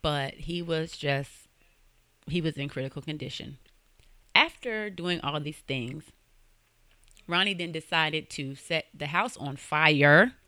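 A woman's voice: sits low, takes it slowly, pushed and bright, no echo. A young woman hosting a podcast, telling a true-crime story in a casual, slangy way and swearing freely. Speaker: podcast host.

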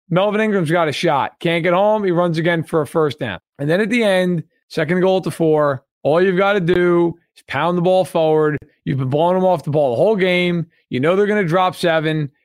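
A man's voice: high voice, no echo, clean studio sound. A man co-hosting a sports podcast, breaking down a game in an emphatic, heated way. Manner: emphatic, building to outbursts. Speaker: podcast co-host.

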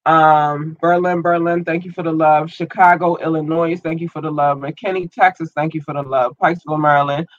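A man hosting a podcast and online radio show, rambling casually and slangily through listener shout-outs while his eye is irritated and tearing up. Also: fairly high pitch, fairly even intonation, fairly quick, few pauses, dry recording, muffled recording. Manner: loose, rambling, slangy, repeats himself.

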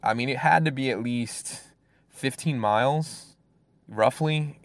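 A man's voice: medium pitch, slow, no echo. Young man rambling through a story. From Fresno, California. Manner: rambling, many fillers and restarts. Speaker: guest storyteller. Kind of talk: casual personal storytelling.

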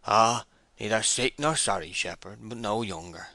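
A man voicing an ancient country maltster who rambles slowly and wistfully about old times. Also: on the low side, sharp tone, no echo, voice pushed up. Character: older rustic man, the gossiping maltster.

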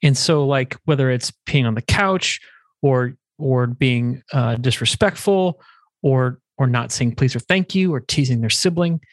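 A man's voice: medium pitch, a little slow, no room sound, clean studio sound. Reflective male host. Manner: reflective, thinking aloud. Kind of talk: interview conversation.

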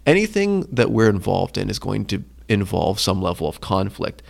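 A man co-hosting a casual faith podcast, retelling stories with lively acted-out quotes. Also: fairly low pitch, moderate pace, creaky. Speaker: podcast co-host.

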